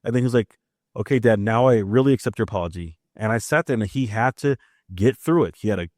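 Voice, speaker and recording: A man's voice: lowish voice, quick pace, darkish tone, dry recording, clean studio sound. A man from Maryland hosting a podcast, chatting casually and telling family stories, acting out the dialogue as he goes. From Maryland, USA. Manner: chatty storyteller who acts out family dialogue. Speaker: podcast host.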